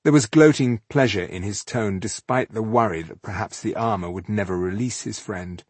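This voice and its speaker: A man narrating a fantasy novel in a steady, measured reading, with a husky voice. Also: on the low side, no echo. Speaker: audiobook narrator.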